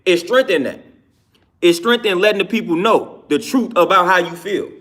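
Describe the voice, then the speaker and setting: A man's voice: high-pitched, expressive, normal speed, a bit bright. A man, a personal trainer, giving an earnest casual monologue and often tagging his sentences with "man.". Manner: earnest, repeats "man" and "you know what I'm saying".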